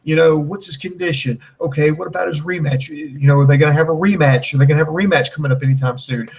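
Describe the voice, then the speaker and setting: A man in his forties co-hosting a casual wrestling review chat, rambling and profane, with a fairly high voice. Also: fast talker, low-quality recording. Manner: animated, profane, rambling, acts out mocking voices. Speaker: wrestling show co-host.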